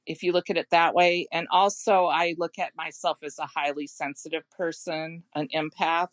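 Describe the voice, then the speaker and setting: A middle-aged woman, a home care consultant, telling personal stories in a podcast interview in an earnest, gentle way. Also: low voice, moderate pace, no room sound. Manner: earnest and gentle, with frequent restarts.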